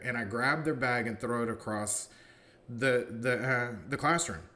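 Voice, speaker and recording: A man's voice: medium pitch, measured pace, bright, forceful tone. Guy professor telling a class story, chatty, keeps saying you know, does the quotes. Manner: conversational, heavy use of "you know"; acts out quoted dialogue in his stories. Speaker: college philosophy professor. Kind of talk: casual storytelling lecture.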